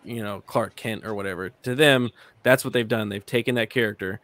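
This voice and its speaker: A man's voice: on the low side, a little fast, a bit bright, no room sound. A man in casual chat who trades dry, laid-back quips.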